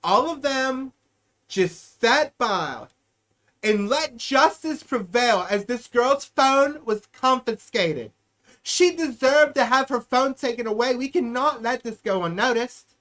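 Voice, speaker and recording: A podcaster doing a satirical impression of a pompous politician delivering a slow, mock-solemn eulogy. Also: medium pitch, expressive, a bit bright, rough recording.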